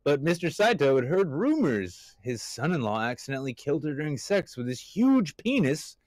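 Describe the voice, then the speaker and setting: A man's voice: fairly high pitch, sing-song, moderate pace, a little mellow, dry recording. A man hosting a comedy podcast, reading odd news stories aloud with irreverent asides, frequent laughs and stumbles over names. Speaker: podcast host.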